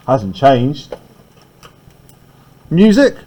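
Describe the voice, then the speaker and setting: Lively-pitched man teaching a class. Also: measured pace, pauses often, poor audio. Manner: conversational, keeps checking with "right?". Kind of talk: classroom literature lesson.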